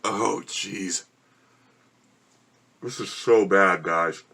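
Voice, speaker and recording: A man's voice: deep voice, extremely slow, bright, forceful tone. Man groaning through spicy food. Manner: groaning and complaining while eating spicy food. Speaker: vlogger. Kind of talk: casual vlog to camera. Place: home room with a gecko habitat.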